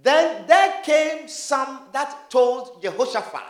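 A male preacher with a very high voice delivers a slow, animated sermon, acting out little scenes with shouts and laughter. His voice rings through a roomy, echoing hall. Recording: roomy echo.

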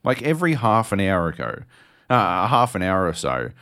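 A man, co-hosting a podcast and telling a story in an animated, swearing way. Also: low voice, moderate pace. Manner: animated, swears a lot, acts out voices. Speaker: podcast co-host. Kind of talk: casual storytelling chat.

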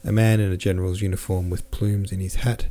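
A man narrates a classic novel in a low, mellow voice. He reads at a steady, unhurried pace and calmly corrects the odd slip. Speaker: audiobook narrator. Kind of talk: scripted narration.

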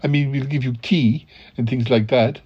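A man's voice: mid-range voice, fairly even intonation, normal speed, husky, lo-fi sound. Dithering, polite man hosting. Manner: hesitant and polite, full of ums and stammered restarts. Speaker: podcast host. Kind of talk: improvised comedy sketch.

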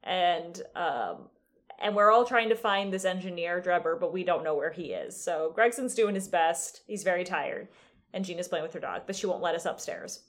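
A woman co-hosting a podcast, casually retelling a video game's plot in a relaxed way. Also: on the low side, normal speed. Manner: relaxed storytelling recap, drifting off mid-sentence. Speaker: podcast co-host. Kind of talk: casual chat recapping a video game.

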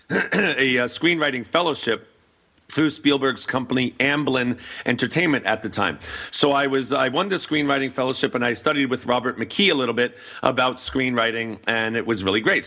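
A man's voice: mid-range voice, sharp tone. A middle-aged man hosting a casual talk show, telling a rambling story full of fillers and restarts. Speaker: host.

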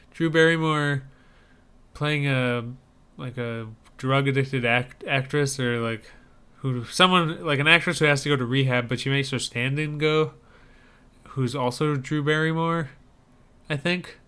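A man in relaxed podcast banter with a smooth, resonant voice. He talks loosely, filling gaps with likes and ums. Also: mid-range voice, a little slow. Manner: conversational, lots of likes and ums. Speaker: podcast co-host reviewing trailers. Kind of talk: casual chat.

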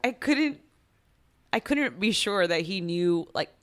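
A woman's voice: mid-range voice, expressive, slow, a crowd in the background. A woman, a podcast guest, earnestly explaining events with hesitant 'like' fillers. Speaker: guest, officer's wife. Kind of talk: casual conversational recounting.

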